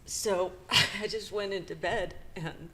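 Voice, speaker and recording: A woman's voice: medium pitch, steady tone, sharp tone. Middle-aged woman telling an emotional story. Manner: halting, emotional retelling with nervous laughs. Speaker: podcast co-host. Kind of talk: personal storytelling.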